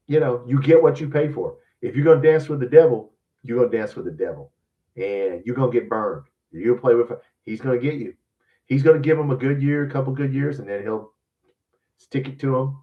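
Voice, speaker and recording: A man's voice: lowish voice, recorded from a distance, narrow, tinny audio. Blunt, profane man ranting about sports. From lives in Louisiana. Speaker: podcast host. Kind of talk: casual sports opinion rant.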